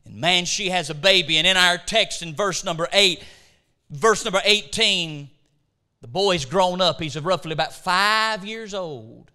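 A man's voice: high voice, unhurried, bright, forceful tone, smooth. A middle-aged man preaching a sermon, retelling scripture scenes with dramatic, emphatic storytelling.

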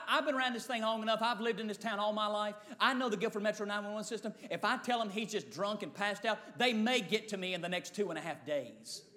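High-voiced man, drawl, preacher, comic storytelling, lively quoted voices. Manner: animated Southern drawl, acting out quoted voices.

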